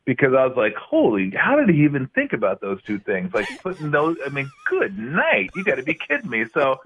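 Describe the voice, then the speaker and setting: A middle-aged man trades laugh-filled stories as a guest on a talk show. His voice sits at an ordinary pitch. It comes through a narrow, tinny phone-style line, as if he is calling in remotely. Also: fairly quick, a little hiss or hum. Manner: animated, laughing anecdotes. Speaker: guest, former basketball player. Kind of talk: casual storytelling interview.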